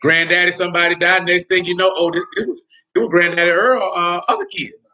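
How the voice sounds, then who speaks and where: A man with a high, bright voice holds forth on his podcast. He speaks bluntly and heatedly, swears freely and keeps checking that his listeners follow him. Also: lively intonation, brisk. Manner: blunt, heated, profane, keeps asking "you know what I'm saying". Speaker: podcast host. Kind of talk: casual spoken commentary.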